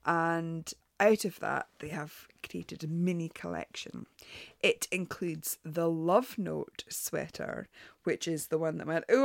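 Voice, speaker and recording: A woman's voice: deep voice, gravelly, dry recording, clean studio sound. A woman hosting a knitting show, reviewing patterns in a chatty, frank way, full of ums and restarts. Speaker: knitting podcast host. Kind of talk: casual spoken review.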